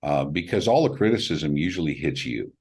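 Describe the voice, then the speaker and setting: Deep husky-voiced man telling stories. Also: a little fast. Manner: animated, acts out quoted voices with big pitch jumps, laughs. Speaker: film director. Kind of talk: casual interview storytelling.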